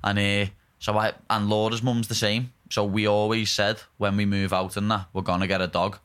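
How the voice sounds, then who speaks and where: A man's voice: on the low side, normal speed, clean tone. A young man chatting casually as a co-host, telling stories and acting out quotes. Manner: animated storyteller, acts out quotes. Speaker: co-host, fighter. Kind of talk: casual chat.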